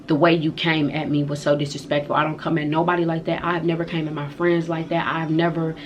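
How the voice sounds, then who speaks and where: A woman vlogger telling a story in casual slang, animated and profane. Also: low-pitched, fast, highs cut off, a little hiss or hum. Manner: animated, profane retelling of a fight. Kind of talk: storytime vlog.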